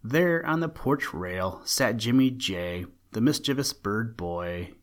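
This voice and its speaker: Gentle man reading a children's story. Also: lowish voice, animated, slow, hardly any pauses. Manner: gentle, old-fashioned storytelling. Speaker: narrator.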